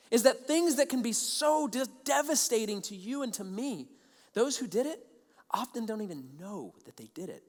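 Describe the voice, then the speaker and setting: High-voiced man preaching in echoing hall. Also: moderate pace. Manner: animated storytelling, acts out both sides of conversations. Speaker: pastor. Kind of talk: sermon. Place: large church auditorium.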